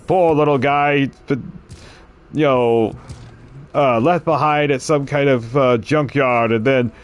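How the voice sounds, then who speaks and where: A man's voice: medium pitch, takes it slowly, clear, resonant tone. A man streaming a game, chatting casually and telling rambling stories with frequent chuckles. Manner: rambling, chuckling, animated storytelling. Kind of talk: casual chat on a livestream.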